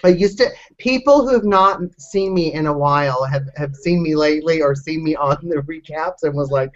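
A man with a high voice co-hosting a podcast, bantering playfully and teasingly. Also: moderate pace. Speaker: podcast co-host. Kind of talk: casual chat. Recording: dull lo-fi recording.

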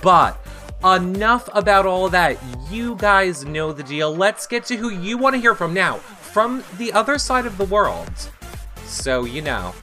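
Male show host, bouncy and animated, bright voice, teasing and playful. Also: high-pitched, unhurried, soft background music. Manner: playful, excitable. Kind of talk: casual interview hosting.

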